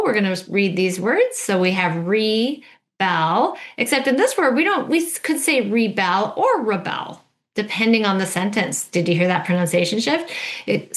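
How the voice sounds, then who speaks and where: A woman teacher giving an instructional video lesson, patiently modeling words and prompting the listener to repeat. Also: mid-range voice.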